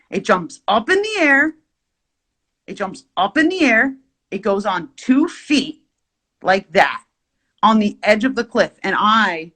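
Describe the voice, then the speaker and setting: A woman vlogger tells a rambling, animated story as she draws. Her pitch leaps and dips all over, in a mid-height voice. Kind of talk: storytime while drawing.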